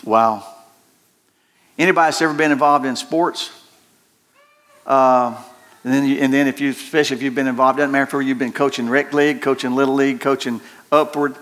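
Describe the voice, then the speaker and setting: In a folksy, storytelling sermon, a male pastor speaks fairly quickly at a middle pitch. When he gets excited his voice climbs high, and laughter breaks into his sentences.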